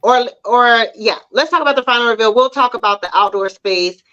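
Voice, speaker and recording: A talkative woman co-hosts a relaxed show chat, often slipping into quoted inner thoughts. Her voice sits a bit high. The sound is dull and lo-fi, as over a video call. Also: fairly quick. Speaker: talk show co-host. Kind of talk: casual chat about TV shows.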